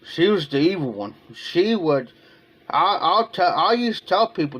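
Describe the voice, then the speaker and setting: A man's voice: high-pitched, big pitch swings, measured pace, fairly bright tone, husky. A man from Ohio talking casually on a livestream in a rambling, emotional way, often repeating himself. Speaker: live streamer.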